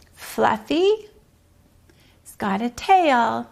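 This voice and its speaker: A woman leading a preschool circle time outdoors, talking slowly and sing-song, sometimes dropping to a whisper for guessing games. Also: on the high side, big pitch swings, gravelly, a little mellow. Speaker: preschool teacher.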